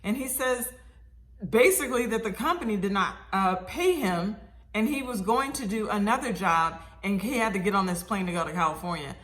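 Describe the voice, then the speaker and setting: Woman, casual storytime, animated, exclaiming, bright forceful voice. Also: medium pitch. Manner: animated, exclaiming, quick to laugh. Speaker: vlogger telling a personal story.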